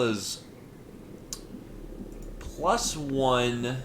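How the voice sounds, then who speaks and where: A man's voice: mid-range voice, lively intonation, drawn-out words, pauses often, bright, forceful tone, a little hiss or hum. A male streamer giving casual commentary on a strategy game, rambling and correcting himself with lots of fillers.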